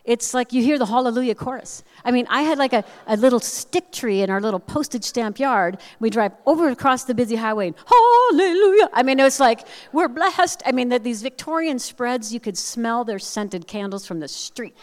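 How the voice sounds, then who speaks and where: A woman speaker giving a personal storytelling message with animated, self-deprecating humor, acting out the voices of people in her story. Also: a little high, a little fast, few pauses. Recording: long reverb of a large hall.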